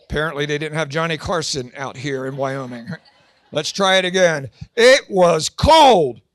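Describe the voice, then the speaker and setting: An older man with grandchildren doing a stand-up comedy set at a church fundraising gala, joking with quick asides and putting on high voices for his characters. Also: fairly bright tone.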